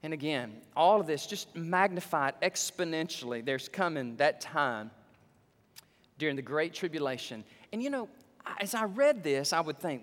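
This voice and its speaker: A male pastor preaching a sermon, his voice surging up for emphasis and dropping low. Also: very animated, normal speed, fairly bright tone. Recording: long hall reverb.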